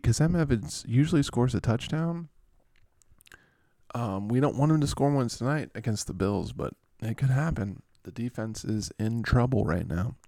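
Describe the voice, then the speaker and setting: A man's voice: medium pitch, measured pace, warm tone, no room sound, clean studio sound. A man hosting a fantasy football show in a casual, rambling, joking way, full of playful asides. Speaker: fantasy football podcast host. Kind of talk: casual comedic sports chat.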